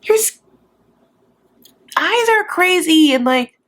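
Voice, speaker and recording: A woman's voice: very high-pitched, lively intonation, slow, fairly bright tone, pitched above the performer's own voice, full character voice. A woman putting on the voice of a giddy, overwhelmed young woman meeting her love, gushing breathlessly. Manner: breathless, squealing gush.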